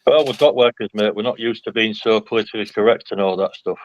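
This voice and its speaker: A man's voice: fairly low pitch, quick pace, dry recording. A middle-aged man who talks bluntly and plainly, chatting as a panel guest on a video call. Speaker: panel guest, ex-army dock worker. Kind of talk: casual chat on a livestream. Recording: dull, muffled call audio.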